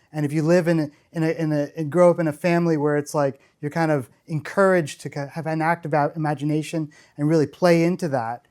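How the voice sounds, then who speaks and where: On stage for a storytelling keynote, a middle-aged man speaks in a high-leaning voice with a darkish tone. He's an enthusiastic, rambling conference speaker who keeps restarting sentences.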